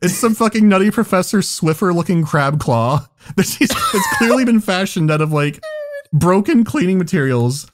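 A man's voice: sits high, wildly swooping pitch, normal speed. A man on a podcast telling a story in casual chat, laughing often and swearing as he goes. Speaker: podcast co-host.

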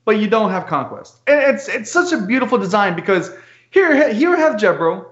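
A man co-hosting a casual gaming podcast, ranting in a heated, animated way. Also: high-pitched, brisk. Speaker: podcast co-host. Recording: muffled lo-fi audio.

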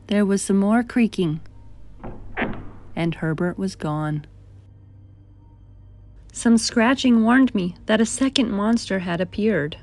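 A woman reading a children's picture book aloud as a storyteller, unhurried and gentle. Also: mid-range voice, creaky.

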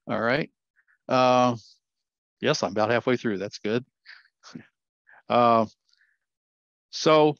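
A man's voice: lowish voice, gravelly, fairly bright tone, dry recording. An older man giving a slide presentation as a guest speaker, earnest and often correcting himself as he tells a story, heard over a video call. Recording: dull, dry lo-fi sound.

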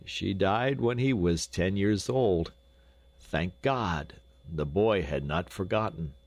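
Casting: grieving old doctor, gruff and grave, very low voice, read by a male narrator. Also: slow, dry recording, full character voice. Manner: sobbing, broken, then grave.

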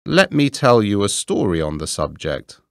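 A man's voice: fairly low pitch, sing-song, normal speed, fairly bright tone, no room sound, studio quality. A man voicing a small, curious male linnet bird who asks probing questions, in a storybook reading.

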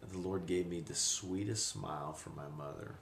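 Very deep gravelly man, reflective. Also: a little hiss or hum. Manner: reflective, halting with pauses. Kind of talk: personal testimony. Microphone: handheld camcorder. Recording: echoey room on a camcorder.

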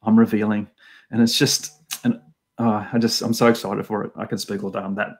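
Guy in a faith chat, husky voice, excited, laughs a lot. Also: on the low side, fairly quick. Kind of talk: casual chat.

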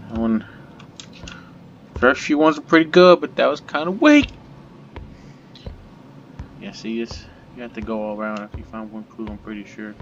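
A man narrating a horror game as he plays, nervous and joking, talking to the monster to calm it. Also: mid-range voice, moderate pace, long pauses. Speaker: gaming video creator. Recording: dull lo-fi with loud background noise.

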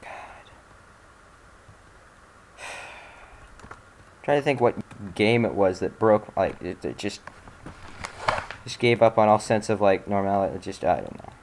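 A man's voice: fairly low pitch, lively intonation, unhurried, pauses often, darkish tone, slight background noise. A man hosting a let's-play, giving casual gameplay commentary while exasperated, muttering and swearing at the game.

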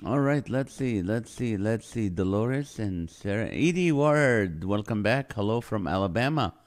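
A man's voice: fairly low pitch, expressive, unhurried. A man hosting a casual livestream from home, greeting viewers by name and joking as he reads their comments. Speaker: livestream host. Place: home in California.

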